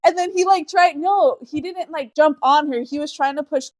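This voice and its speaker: A woman co-hosting a podcast in casual chat, chiming in with quick reactions and jokes. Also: high-pitched. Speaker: podcast co-host.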